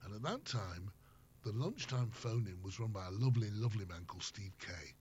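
A man's voice: on the low side, very animated, a little fast, darkish tone. An older man, a former radio host, chatting as an interview guest and telling rambling anecdotes. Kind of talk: casual chat. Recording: slightly muffled with faint noise.

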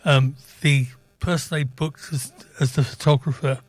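Male radio co-host, fifties, relaxed banter, dry studio sound. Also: mid-range voice, measured pace, dry recording. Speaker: radio co-presenter.

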